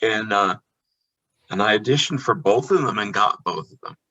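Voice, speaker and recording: A man who is a guest on a podcast, telling candid stories in an animated, casual way. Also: lowish voice, moderate pace, husky, muffled recording. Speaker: podcast guest, theme park performer. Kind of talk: casual storytelling chat.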